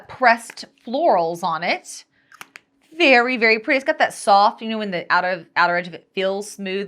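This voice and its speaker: Bright, lively woman chatting through an unboxing. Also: medium pitch. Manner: chatty and gushing, many "like" fillers. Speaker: host. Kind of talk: casual unboxing chat.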